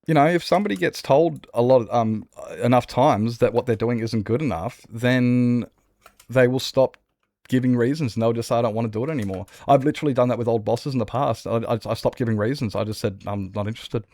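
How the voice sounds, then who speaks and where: A man's voice: mid-range voice, brisk, a little mellow, dry recording. A man streaming a game, chatting casually in a rambling way, answering chat with many restarts. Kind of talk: casual chat while gaming.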